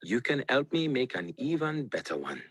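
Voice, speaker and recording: A man's voice: medium pitch, big pitch swings, moderate pace, fairly bright tone, slightly rough, no echo. A man reading a storybook aloud and voicing a cross male onion. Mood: friendly. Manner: indignant. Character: cross male onion who builds dirt castles.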